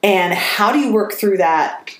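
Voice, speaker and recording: A woman co-hosts a podcast in a casual chat, speaking earnestly and at length in an unhurried, medium-pitched voice. She's talkative and laughs easily, and the recording has a roomy echo with faint noise.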